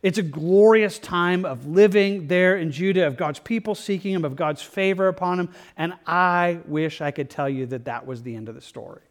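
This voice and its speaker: A man's voice: high voice, normal speed, hardly any pauses. A man pastor preaching a verse-by-verse sermon in an earnest, conversational way. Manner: conversational, earnest, with restarts and "like" asides.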